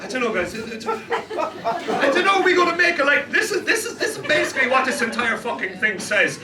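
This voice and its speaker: A male stand-up comedian working a club crowd, animated and laughing between jokes. His voice sits very high and swings widely in pitch. The recording is roomy and distant, with clear noise around it. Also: a little fast. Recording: echoey room, distant, noisy.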